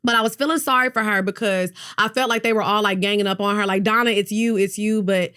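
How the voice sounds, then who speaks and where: A woman's voice: medium pitch, steady tone, quick pace, sharp tone, clean tone. A woman hosting a podcast in casual gossip chat, candid, playful and openly profane. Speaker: podcast host.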